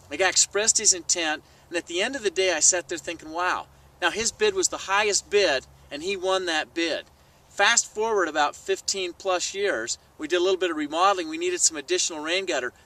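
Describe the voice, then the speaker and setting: A man telling a sales story to camera in a vlog, animated and acting out the people he quotes. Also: high voice, distant mic, rough recording. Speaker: sales trainer. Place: outdoors.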